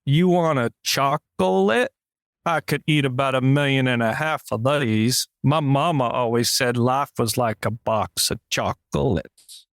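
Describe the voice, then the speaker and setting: A slow, simple-hearted Southern man, as a man puts him on with a drawn-out, unhurried delivery. The sound is close and dry, with no room around it. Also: medium pitch, no echo, pitched below the performer's own voice, close to an everyday voice. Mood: earnest.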